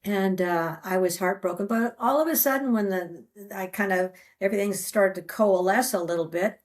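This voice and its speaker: A middle-aged woman, a guest on an interview show, telling a personal story in an animated way and laughing often. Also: mid-range voice, moderate pace.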